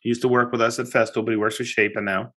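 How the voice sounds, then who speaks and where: Brief: male podcast host, mid-pitched, relaxed chat, animated storyteller. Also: very fast. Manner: animated storytelling, chatty with many restarts. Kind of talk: casual chat.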